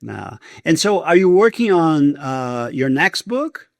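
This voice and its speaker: A Brazilian man hosts an English-language podcast, his Portuguese accent clear in every line. His voice sits rather high for a man and has a strong gravelly fry. He asks his questions in a relaxed, friendly way, recorded dry and close. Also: slow pace, dry recording. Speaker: podcast host. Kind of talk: conversational interview.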